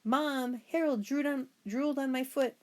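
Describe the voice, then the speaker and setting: A woman's voice: high-pitched, moderate pace, pitched above the performer's own voice, lightly acted. A woman voicing a sarcastic, complaining older boy in a storybook reading.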